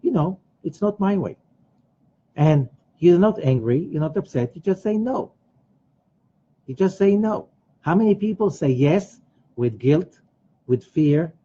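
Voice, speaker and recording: Husky man teaching emphatically. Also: on the high side, lively intonation, measured pace, pauses often, mellow. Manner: emphatic, repeats phrases, acts out quoted voices. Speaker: Kabbalah teacher. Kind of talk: teaching a weekly study class. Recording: dull lo-fi recording.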